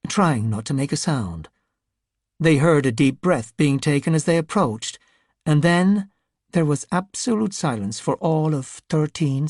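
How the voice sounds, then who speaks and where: A woman reading an audiobook in a steady, measured narration. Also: low voice, breathy edge, dry recording, studio quality. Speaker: audiobook reader. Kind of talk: scripted narration.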